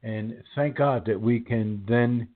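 A man's voice: medium pitch, slow pace. A man in his sixties hosting a faith interview, talking in a rambling way and repeating his words as he goes. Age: 60s. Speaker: host. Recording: tinny phone-like line.

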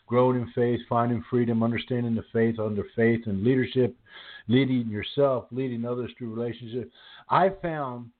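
A man's voice: medium pitch, fairly even intonation, moderate pace. A man in his sixties hosting a faith interview, talking in a rambling way and repeating his words as he goes. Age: 60s. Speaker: host. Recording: tinny phone-like line.

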